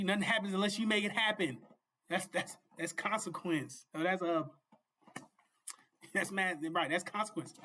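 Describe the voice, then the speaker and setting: A man hosting a show and giving a fervent, informal sermon, repeating himself and often asking his listeners if they see. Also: high voice. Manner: fervent, repetitive, often asks "You see?"; laughs and shouts at peaks. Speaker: preacher and show host.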